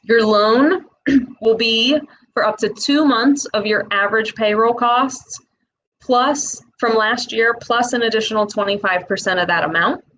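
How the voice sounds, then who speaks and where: A woman's voice: fairly high pitch, fairly bright tone, rough recording. Chatty Midwestern woman explaining loans. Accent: Midwestern American. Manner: chatty and direct, with fillers and quick asides. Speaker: host explaining a small business loan program. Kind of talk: casual explainer talk to camera.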